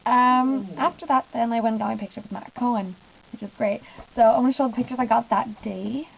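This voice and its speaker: A woman's voice: on the high side, steady tone, normal speed, gravelly, slightly rough, muffled recording. A young woman telling a giggly, gushing story in a casual vlog, often acting out what she said. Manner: gushing, giggly, lots of "I was just like". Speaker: fan vlogger.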